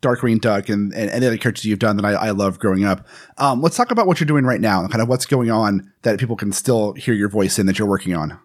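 A man's voice: fairly low pitch, quick pace. A man in his thirties hosting a podcast, an enthusiastic fan who laughs often. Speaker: podcast host. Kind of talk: casual podcast chat.

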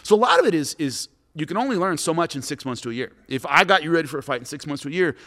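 A man's voice: a little high, rapid-fire. A middle-aged man, a former fighter, chatting on a podcast and telling stories animatedly, acting out the people he quotes. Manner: animated storyteller, acts out quotes. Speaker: former MMA fighter and commentator, guest. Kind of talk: casual podcast chat. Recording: long echoey reverb.

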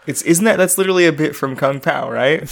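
A man co-hosting a casual comedy podcast, talking excitedly and laughing often. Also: on the high side, a little fast, creaky. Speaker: podcast co-host.

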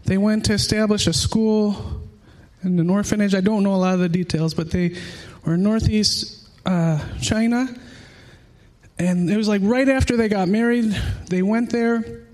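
A man's voice: sits high, steady tone, normal speed, a little mellow. A man in his thirties preaching a sermon earnestly, often repeating words as he searches for them.

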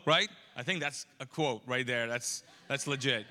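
A man's voice: mid-range voice, steady tone, fast, bright, forceful tone. A man preaching a live sermon as pastor in a large church, talking conversationally with the congregation and acting out Bible characters in casual voices. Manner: conversational, asks the congregation to answer. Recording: long hall reverb from a live church service.

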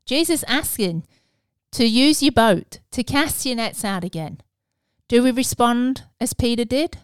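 A woman delivers a relaxed, conversational sermon with an earnest tone. Her voice is smooth and clear, recorded close and dry with no room sound. She talks informally, with fillers and restarts along the way. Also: a little high, a little slow, no room sound. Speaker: preacher. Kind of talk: casual devotional sermon.

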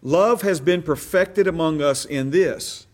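A man's voice: on the high side, measured pace. A man teaching a Bible class in a conversational way, repeating phrases for emphasis and checking that his listeners follow him.

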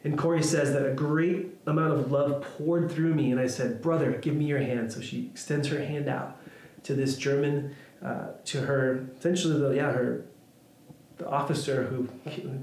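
A man preaching a sermon, retelling a story in an earnest, halting way with many restarts. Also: medium pitch, little pitch movement, a little mellow. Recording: echoey room with faint ambient noise.

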